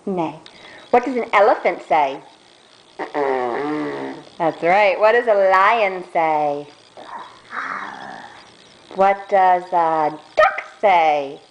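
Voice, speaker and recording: A woman's voice: on the low side, dull audio, a little hiss or hum. A young mother talking to her toddler at home in coaxing, sing-song baby talk. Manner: sing-song, drawn-out questions.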